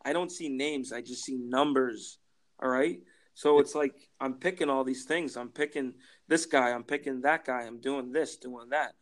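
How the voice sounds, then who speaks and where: A young man co-hosting a podcast in casual sports chat, rambling with halting restarts and casual swearing. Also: medium pitch. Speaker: podcast co-host.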